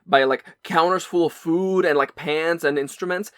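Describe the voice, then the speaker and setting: A man's voice: fairly high pitch, moderate pace, smooth, no room sound. A man co-hosting a podcast in casual chat, stumbling over restarts and cracking crude jokes. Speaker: podcast co-host.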